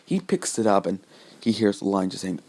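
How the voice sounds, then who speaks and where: A man's voice: sits low, sing-song, moderate pace, a little mellow, a little hiss or hum. A man casually narrating a fan story in a rambling way, with many fillers and restarts.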